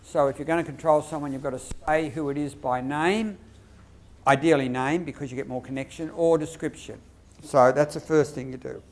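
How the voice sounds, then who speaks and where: Aussie guy running a teacher workshop, bit higher voice, keeps quizzing the crowd. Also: a little fast. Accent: Australian. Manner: lively, asks the audience questions, acts out teacher phrases. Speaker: lecturer on behaviour management.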